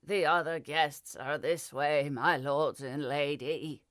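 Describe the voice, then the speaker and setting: A woman voicing an ancient, grumpy male butler in an audiobook, formal and slow. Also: sits low, steady tone, a bit bright, no room sound, clean studio sound.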